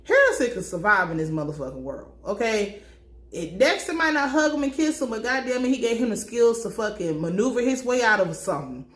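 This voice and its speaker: Blunt, animated woman recapping a show. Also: a little high, fairly quick, reverberant. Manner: blunt, profane, animated storytelling. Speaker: TV recap commentator. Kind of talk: casual episode recap.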